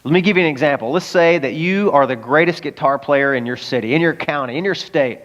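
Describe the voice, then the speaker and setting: A man's voice: on the high side, fast, a bit bright, dull audio. A man preaching a sermon as pastor, talking casually with frequent rhetorical questions to the congregation. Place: church service in a high school auditorium.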